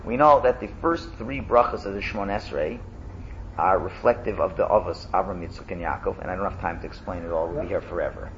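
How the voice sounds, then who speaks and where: A man teaching a casual class, lively and animated, chanting loudly when he demonstrates. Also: low voice, a little fast, lo-fi sound, a little hiss or hum.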